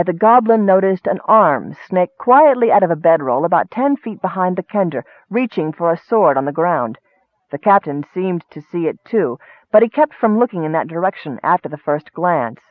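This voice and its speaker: A man narrating a fantasy story in steady storytelling, lifting his voice for action. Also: high voice, normal speed, dry recording. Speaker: audiobook narrator. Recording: dry, tinny phone-like sound.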